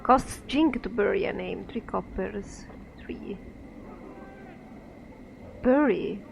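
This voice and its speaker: A woman's voice: medium pitch, slow, vocal fry, background noise. A woman doing an eerie sing-song gravekeeper. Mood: muttering. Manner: sing-song, chanting, repetitive.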